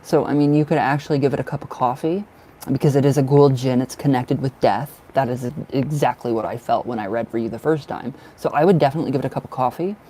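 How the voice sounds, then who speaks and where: A man's voice: mid-range voice, fast talker, warm tone, a little hiss or hum. A man doing live-stream tarot readings, chatty and giggly, who calls viewers by name and sounds cold and bundled up. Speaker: tarot reader.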